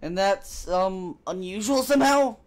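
A man's voice: high-pitched, lively intonation, unhurried. Man joking through a let's play. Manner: casual, joking, profane. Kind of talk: casual gameplay commentary.

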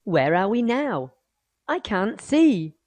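A woman voicing a curious, excitable young boy in a children's storybook, talking in slow exclaiming lines. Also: medium pitch, no echo. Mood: wondering. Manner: exclaiming, wide-eyed.

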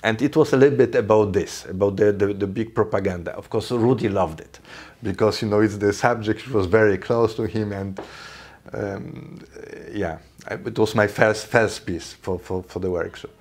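A middle-aged man from Poland with a Polish accent, a ballet company's artistic director recalling his career in an unhurried, anecdotal interview full of fillers. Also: lowish voice, darkish tone. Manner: anecdotal, thinking aloud, with frequent fillers.

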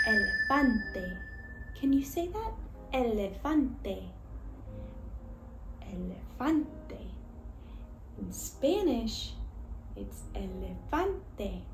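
A woman's voice: on the high side, background noise. A woman teaching babies and toddlers, talking in a sing-song voice full of exaggerated gasps. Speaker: children's language teacher. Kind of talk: baby-directed teaching, bilingual. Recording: roomy echo with faint music.

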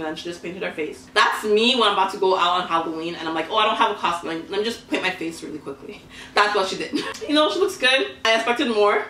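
A young woman chatting casually in a reaction vlog, laughing often and reacting with excitement. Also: medium pitch, distant mic, slight background noise. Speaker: YouTuber reviewing celebrity costumes. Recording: echoey room, voice somewhat off-mic.

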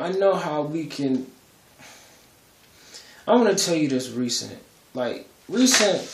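On his vlog, a man with a mid-range voice and a roomy sound shares a casual spiritual testimony. He rambles conversationally and uses lots of fillers.

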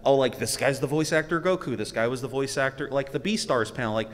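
A man's voice: medium pitch, fast. Chatty man asking questions in a hall. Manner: chatty, fills with "like". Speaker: panel questioner. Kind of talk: casual questions at a convention panel. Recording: echoey hall.

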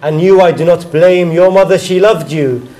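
A man's voice: a little high, moderate pace, dark tone, poor audio. A man reciting his own mournful elegy poem, repeating its refrains with a grieving voice that rises and falls with emotion.

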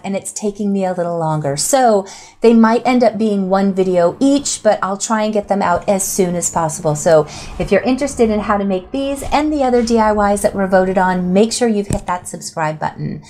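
A woman's voice: medium pitch, a little mellow, a little hiss or hum. Upbeat woman DIY vlogger. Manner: chatty and upbeat, speaks directly to viewers. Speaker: DIY home crafts vlogger. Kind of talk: friendly tutorial voice-over.

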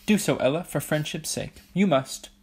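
A man's voice: on the high side, expressive, normal speed, slightly rough, voice pushed up. A man doing a bossy, smug girl. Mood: imperious. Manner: commanding, smug, falsely sweet. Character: haughty, bossy, scheming teenage girl.

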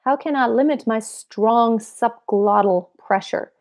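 A woman vocal coach answering viewer questions in a relaxed, explanatory way, breaking into short sung examples. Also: a little high, unhurried. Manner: explanatory, demonstrates with sung snippets.

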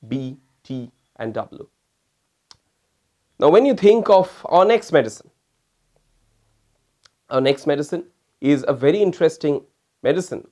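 A man's voice: on the high side, dark tone. A man, a homeopathic doctor, giving a recorded lecture. He calls his listeners "my friends" and acts out how patients stammer.

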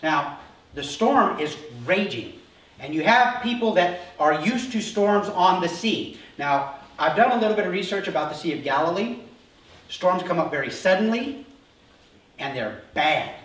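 A male pastor preaching a sermon, telling the story with animated energy and acting out voices before settling into calm, earnest teaching. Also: high voice, moderate pace. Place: church sanctuary. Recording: roomy hall from a distance.

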